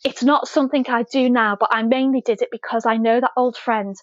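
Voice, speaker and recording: A woman's voice: fairly high pitch, steady tone, a little fast, no echo. A woman, a podcast guest telling a story casually, swearing freely and laughing as she goes. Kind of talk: casual anecdote in an interview. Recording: slightly dull, dry podcast audio.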